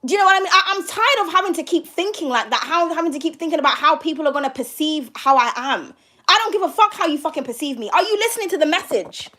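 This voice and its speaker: A high-pitched, expressive woman talks quickly with a sharp edge, ranting casually to a live audience. She's a tarot reader at home, blunt and profane, hurling mocking rhetorical questions at her viewers.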